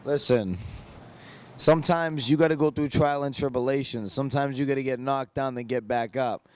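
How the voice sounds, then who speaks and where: A man's voice: mid-range voice, fairly even intonation, normal speed, a little mellow, clean tone. A man in a bar speaking in a dramatic, preachy way. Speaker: reality show contestant. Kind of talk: casual interview.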